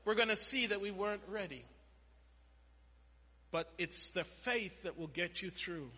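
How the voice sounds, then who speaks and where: A man preaching a sermon in an animated way, quoting scripture and breaking into sudden loud bursts, in a church hall. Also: high-pitched, a little slow, husky. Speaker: pastor. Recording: long hall reverb.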